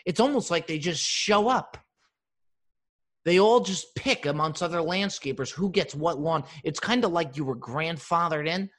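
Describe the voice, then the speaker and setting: Animated man telling comic stories. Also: a little high, normal speed. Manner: animated storytelling with profanity and mimicry. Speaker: podcast host. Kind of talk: comedic monologue. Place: living room with open windows.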